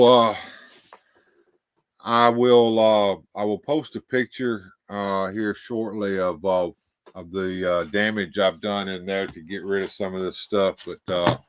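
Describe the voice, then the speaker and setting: A man hosting a casual livestream, tired and out of breath, talking in halting, rambling bursts full of fillers and restarts. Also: fairly low pitch, noisy background. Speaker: livestream host. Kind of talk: casual livestream chat, reading viewer comments.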